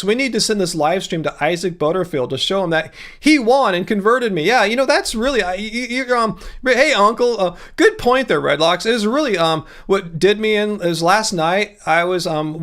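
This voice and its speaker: A man chatting through a livestream, answering viewers with deadpan sarcasm and frequent halting restarts. His voice sits high for a man, and he talks casually with no scripted polish. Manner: sarcastic, deadpan mock agreement. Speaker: livestream host.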